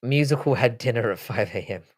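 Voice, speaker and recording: A man's voice: medium pitch, fairly quick. A tired man in his thirties hosting a live stream, swearing freely and rambling with lots of restarts. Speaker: livestream host. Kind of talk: casual live-stream chat.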